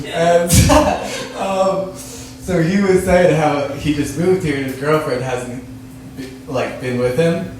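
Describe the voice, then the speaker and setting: A high-voiced man rambles through a stand-up story, giggling as he goes. He sounds like he was picked up from a distance, with a lot of room echo and noise behind him. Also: slow, darkish tone. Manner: giggly, laughs through his lines. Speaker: stand-up comedian. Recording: echoey room from a distant mic.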